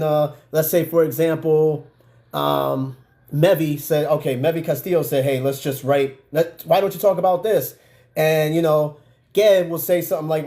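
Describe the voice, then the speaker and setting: A man's voice: a little high, mellow. A middle-aged man with a New York accent hosting his podcast in casual, loose live-stream chat, full of fillers and asides to viewers. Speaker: podcast host.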